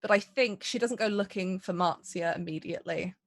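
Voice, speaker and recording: A woman's voice: mid-range voice, fairly quick, no room sound, clean studio sound. A woman playing her character in a tabletop game, thoughtfully describing the character's feelings and actions. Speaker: player.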